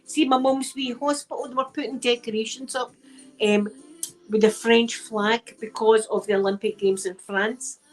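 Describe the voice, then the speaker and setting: A middle-aged Scottish woman with a slightly high voice, chatting in a soft-spoken ASMR style. She rambles through her stories, dropping in local words like aye and wee. Gentle music plays faintly underneath. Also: steady tone, moderate pace, low-quality recording. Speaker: ASMR channel host.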